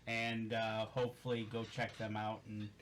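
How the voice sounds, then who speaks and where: A man hosting a casual show, wrapping up with upbeat shout-outs. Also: lowish voice, completely flat delivery, moderate pace, a little hiss or hum. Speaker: host.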